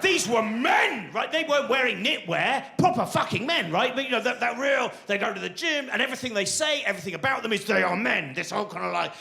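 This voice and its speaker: Forties guy doing stand-up, rambly and self-mocking, high voice that swoops all over. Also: very animated, a little fast, vocal fry, sharp tone. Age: 40s. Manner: rambling, self-deprecating, lots of restarts and asides. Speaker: stand-up comedian. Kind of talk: stand-up storytelling.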